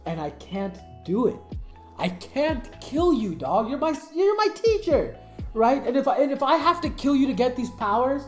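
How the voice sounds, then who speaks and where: A woman's voice: sits high, big pitch swings, normal speed, voice pushed up. A woman putting on a blunt delinquent teen boy. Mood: earnest, defiant. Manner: blunt, slangy, offhand. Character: moody teenage delinquent boy hero. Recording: echoey room, faint music.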